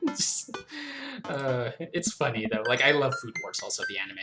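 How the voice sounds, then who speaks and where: A young woman with a very deep, very animated, unhurried voice hosts a let's play of a story game. She reads the dialogue aloud playfully and giggly, commenting between lines, with game music under her voice.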